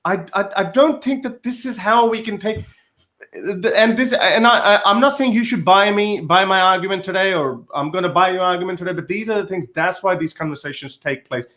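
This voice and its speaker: A man's voice: high voice, a little fast, sharp tone. A man in a podcast discussion, arguing insistently with frequent restarts.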